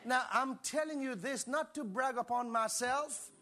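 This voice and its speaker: A man preaching an exuberant sermon, often shouting and laughing, calling on the congregation to respond. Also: very high-pitched, unhurried, some chatter behind.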